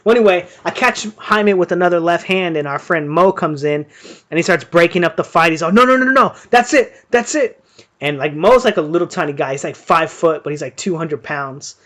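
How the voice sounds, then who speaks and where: A young man with a slightly high voice tells a long story in a loose, rambling way. He fills his talk with "like" and swears often, keeping it casual. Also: brisk, a bit bright. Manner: rambling, profane, lots of fillers. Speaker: boxing stream host. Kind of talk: casual storytelling during live fight commentary.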